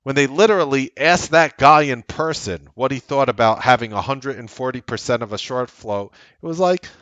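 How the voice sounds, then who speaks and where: A man's voice: medium pitch, normal speed, dry recording, lo-fi sound. A man hosting a trading show, giving casual, rambling market commentary with blunt language. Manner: animated, rambling, blunt with profanity.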